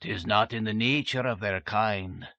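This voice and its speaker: A croaking old ghost, put on by a male reader, stern and old-fashioned, rolling out archaic Scots-tinged lines. The voice is forceful and bright-edged, caught in a dull, dry lo-fi audiobook recording. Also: on the low side, a little slow, dry recording, full character voice. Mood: stern warning.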